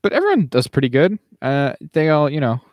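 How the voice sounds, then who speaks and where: A man's voice: on the high side, wildly swooping pitch, fairly quick, no room sound, highs cut off. A man co-hosting a podcast in casual chat, rambling with many fillers and restarts. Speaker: podcast co-host.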